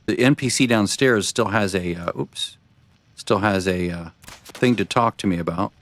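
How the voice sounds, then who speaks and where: A man's voice: low voice, normal speed. A man streaming a video game, talking through it in rambling, self-deprecating casual commentary.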